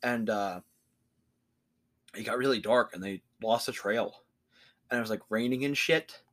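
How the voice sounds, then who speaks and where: A podcast host with a lowish, fairly bright voice rants casually at a measured pace. He swears constantly and acts out the voices of the people he quotes.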